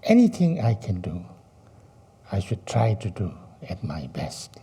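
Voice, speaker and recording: Man giving a dharma talk, real slow, super dark and husky voice. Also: lowish voice, wildly swooping pitch. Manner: slow, halting, many fillers and rhetorical questions. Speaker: Buddhist teacher. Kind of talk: dharma teaching.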